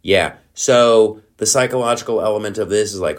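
A middle-aged man hosting a comedy podcast, ranting in a profane, worked-up way and breaking into loud outbursts. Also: on the low side, moderate pace, hardly any pauses. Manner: mumbling around a guitar pick in his mouth. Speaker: podcast host. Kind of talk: casual comedic political rant.

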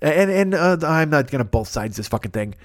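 A man's voice: on the high side, animated, fairly quick. A man in his fifties doing a rambling, profane, self-mocking solo comedy podcast from his apartment, talking into a microphone turned sideways. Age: 50s. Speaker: podcast host.

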